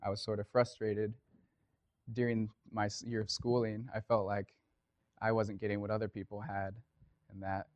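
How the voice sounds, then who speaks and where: A man's voice: lowish voice, little pitch movement, normal speed, a little mellow, no room sound. A man preaching a casual sermon, talking conversationally with lots of fillers and telling a story.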